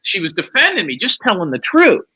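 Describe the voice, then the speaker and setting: With a fairly high, very lively, slightly rough voice, a man tells a long story as a livestream guest, fairly quickly and with plenty of swearing. When quoting people he throws his voice up high, and his pitch swings widely line to line; the recording is rough.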